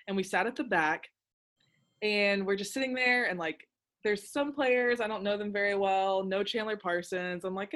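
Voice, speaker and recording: Chatty, animated young woman storyteller. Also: medium pitch, moderate pace. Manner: animated, excitable storyteller, lots of "like". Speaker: podcast host. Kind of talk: casual chat, storytelling.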